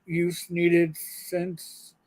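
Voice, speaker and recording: A middle-aged man with a high voice rambles casually as co-host of a live show. He trips over his words, restarting sentences, and keeps the chat loose and friendly. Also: completely flat delivery, very slow, darkish tone. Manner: rambling, stammering restarts, chatty.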